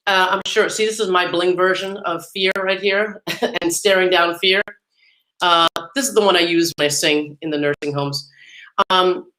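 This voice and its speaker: A woman's voice: deep voice, sharp tone. A middle-aged woman hosting a podcast in an upbeat, chatty way, laughing often. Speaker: podcast host. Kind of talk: casual podcast talk.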